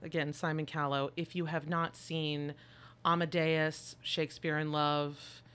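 A woman co-hosting a podcast, recapping a movie in casual chat with an animated, joking, irreverent manner. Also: low-pitched, unhurried, smooth. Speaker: podcast co-host.

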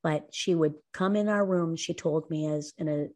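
A woman co-hosting a talk show, telling a personal story in an earnest, lively way. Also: low voice, normal speed. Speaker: co-host. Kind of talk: casual podcast talk.

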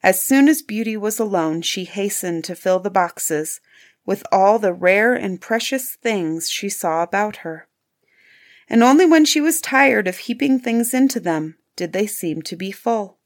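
A woman narrating a classic fairy tale in an even, clear reading style. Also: mid-range voice. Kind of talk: storybook narration.

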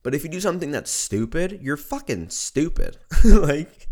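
A hoarse man hosting a podcast, talking in a casual, profane, joking rant and laughing at his own lines. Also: on the high side, sing-song, moderate pace, darkish tone. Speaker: podcast host.

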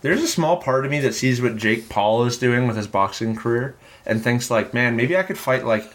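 A man's voice: medium pitch, normal speed, a bit bright. A Canadian man co-hosting a casual sports podcast, telling rambling, wry stories full of "like". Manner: wry, rambling storyteller with filler likes. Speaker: podcast co-host.

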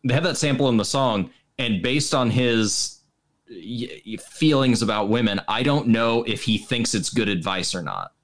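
A man's voice: medium pitch, moderate pace. Young male co-host, medium voice, dry and critical, stumbles a little. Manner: wry, critical, hesitant restarts. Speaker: podcast co-host. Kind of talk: casual chat about music.

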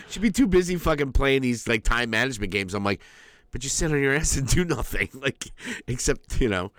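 A man's voice: medium pitch, animated, fairly quick, a bit bright, dry recording, clean studio sound. A man co-hosting a crude casual podcast, rambling through profane stories and laughing often, a little stuffy from a cold. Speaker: podcast co-host.

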